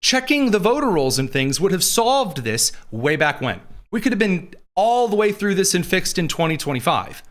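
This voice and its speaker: A man with a slightly higher voice than most men runs live political commentary. His delivery is sarcastic and mocking, full of dry asides. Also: very animated, moderate pace, hardly any pauses. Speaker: political show host.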